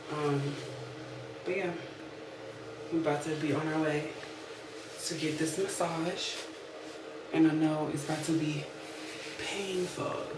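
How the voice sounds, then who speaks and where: A young woman vlogging casually, candid and blunt, swearing freely as she talks to her viewers. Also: low voice. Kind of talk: casual vlog diary. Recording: background noise.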